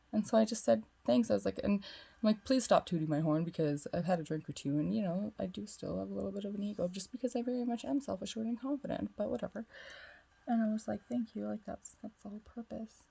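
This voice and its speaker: A woman's voice: medium pitch, brisk, vocal fry, warm tone, husky. A woman vlogging as a spiritual guide, telling a long, rambling personal story in casual chat full of "like" fillers, sounding self-assured. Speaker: twin flame spiritual guide.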